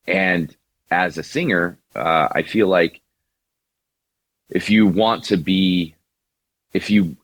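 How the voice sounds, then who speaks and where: A singer and songwriter appears as an interview guest, speaking casually in a very deep, low voice. He rambles, restarts his sentences, and leans on fillers. The recording is dry and close, with no room sound and no echo.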